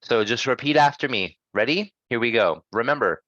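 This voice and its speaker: A man's voice: medium pitch, expressive, normal speed, a bit bright, no room sound, lo-fi sound. A man teaching English pronunciation in a class, speaking patiently and checking in with his students often. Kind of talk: online pronunciation lesson.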